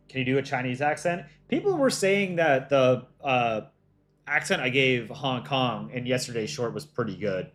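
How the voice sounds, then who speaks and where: Guy casually chatting on a livestream, middle pitch, rambly and laughing, keyboard clicks and faint music behind. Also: animated, measured pace. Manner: loose and chatty, with restarts and frequent laughter. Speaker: animator and livestream host.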